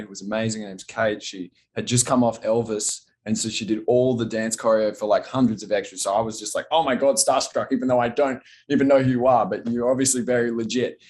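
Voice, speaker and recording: Excitable young actor. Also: male voice, fairly low pitch. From Australia. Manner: rambling, excited storytelling that trails off quietly. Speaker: actor guest. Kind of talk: casual interview chat.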